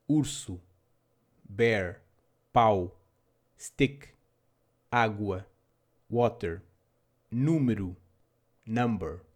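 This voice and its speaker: A man narrating a scripted language lesson with dry, self-deprecating humor. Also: mid-range voice. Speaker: language teacher.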